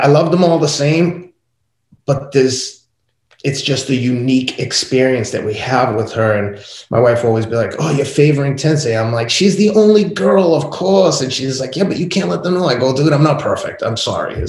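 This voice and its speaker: A middle-aged man, a podcast guest, telling family stories in a casual interview, acting out the voices of his kids and wife. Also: mid-range voice. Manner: animated, acts out family dialogue. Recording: echoey room.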